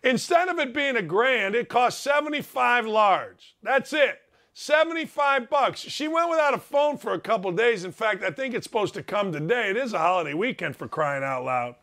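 A middle-aged man hosting a sports talk show, telling a story in an excitable, self-mocking way with loud exclamations. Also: sits high, normal speed. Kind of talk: animated storytelling monologue.

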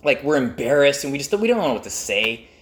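Animated male storyteller, very lively pitch. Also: a little fast. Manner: animated, self-mocking, with jumpy pitch swings for emphasis. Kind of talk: comic personal storytelling.

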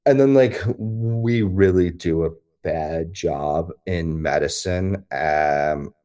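A man with a very deep, low voice talks through a topic in an easygoing, explanatory way. He leans on fillers as he goes, keeping the chat relaxed and informal. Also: slow pace. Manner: explanatory and conversational, full of "like" fillers. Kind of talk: casual chat.

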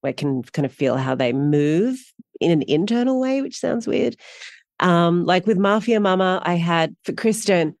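Middle-aged australian woman, chatty guest, lively storyteller, dry close mic. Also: lowish voice, no room sound. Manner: animated storyteller, quick bursts, laughs often. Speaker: guest actor. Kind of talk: casual interview conversation.

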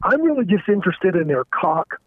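A man calling in to a show, talking candidly and haltingly, often stammering and restarting his sentences. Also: high-pitched, sing-song, no echo. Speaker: caller. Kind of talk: candid confessional phone call. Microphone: telephone. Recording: tinny dry phone line.

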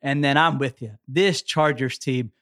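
A man's voice: medium pitch, a little slow, fairly bright tone. A man co-hosting a sports podcast, talking in an emphatic, opinionated way with sarcastic asides. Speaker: podcast co-host. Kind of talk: casual sports chat.

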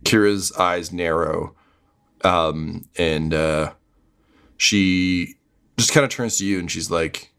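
A man narrates a tabletop game as game master, playful and easygoing. His voice is fairly low but crisp and bright. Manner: playful, quick to laugh.

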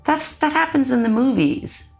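A middle-aged woman in an interview, retelling events intensely with halting restarts. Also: high-pitched, animated, soft background music. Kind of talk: emotional interview recounting.

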